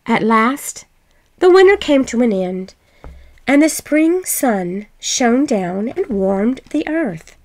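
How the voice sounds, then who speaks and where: A woman reading a fairy tale aloud in a gentle, expressive way. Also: a little high, takes it slowly. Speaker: storyteller.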